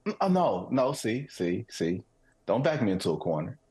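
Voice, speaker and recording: A man's voice: fairly low pitch, very animated, moderate pace, a crowd in the background. A man from Detroit co-hosting a casual sports talk show, emphatic and guarded, repeating short phrases. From Detroit, United States. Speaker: co-host.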